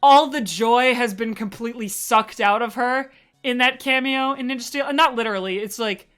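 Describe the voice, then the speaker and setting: A woman's voice: fairly high pitch, moderate pace, a bit bright, clear, resonant tone. A woman giving a casual livestream presentation, rambling and enthusiastic, full of asides. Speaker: streamer presenting a fan slideshow.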